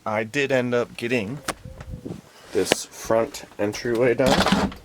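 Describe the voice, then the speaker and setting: Amid heavy background noise, a medium-pitched man speaks in a steady tone while restoring a vintage camper. The DIY restoration vlogger mutters casual, unhurried commentary to himself in the hot camper, sometimes out of breath.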